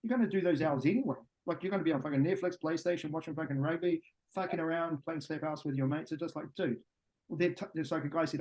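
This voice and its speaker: A middle-aged man from New Zealand with a New Zealand accent, a podcast guest and business coach talking in a blunt, profane, animated way. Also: fairly high pitch, quick pace, poor audio. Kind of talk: podcast interview.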